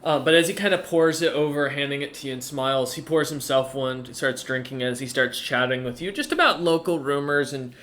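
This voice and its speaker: A man narrates as game master of a tabletop game, stumbling often and restarting his sentences. He speaks at a middling pitch, in loose, improvised narration. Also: brisk, few pauses, a bit bright. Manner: hesitant, full of fillers and restarts.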